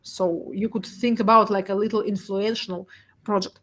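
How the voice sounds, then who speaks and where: A woman's voice: medium pitch, little pitch movement, normal speed. A young woman giving a presentation talk, laughing often and emotional, with many fillers and restarts. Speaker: guest speaker, data artist.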